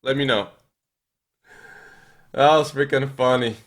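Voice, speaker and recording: A young man streaming a flight game, chatting with viewers and thinking aloud with lots of fillers, now and then breaking into excited yells. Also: medium pitch, a little slow. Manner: reads and answers viewer chat while playing. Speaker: gaming streamer. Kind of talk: live gameplay commentary.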